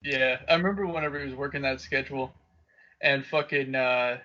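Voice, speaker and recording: A man, co-hosting a casual podcast and telling profane stories with loud impressions. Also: fairly even intonation, fairly quick. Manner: profane storyteller, loud high-pitched impressions of his dad. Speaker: podcast co-host. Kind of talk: casual chat. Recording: dull lo-fi podcast audio.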